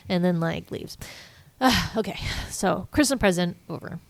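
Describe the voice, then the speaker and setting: A woman co-hosting a podcast, recapping a movie in casual chat and acting out lines in quick voices. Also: lowish voice, vocal fry, no room sound. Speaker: podcast co-host.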